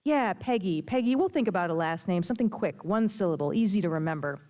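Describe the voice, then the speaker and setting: A woman's voice: on the low side, animated, quick pace, a little mellow, close to an everyday voice. A woman reading aloud, voicing a bossy, mocking female nightclub owner who is a gangster's wife.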